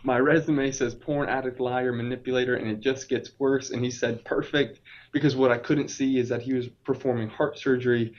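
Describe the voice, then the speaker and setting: A man's voice: medium pitch, fairly even intonation, brisk, hardly any pauses, muffled recording. A man in his late twenties, a podcast guest, telling a personal testimony in an earnest, emphatic way. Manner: earnest, emphatic, vivid retelling.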